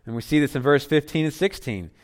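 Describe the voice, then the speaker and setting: A man's voice: a little high, expressive, quick pace. Earnest man preaching a sermon. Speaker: pastor.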